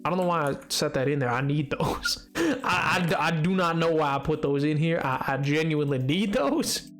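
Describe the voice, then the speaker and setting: High-voiced man chatting on a game stream. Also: normal speed, a bit bright, faint music behind. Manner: rambling and playful, stumbling over restarts while reading chat. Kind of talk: casual live-stream chat while gaming.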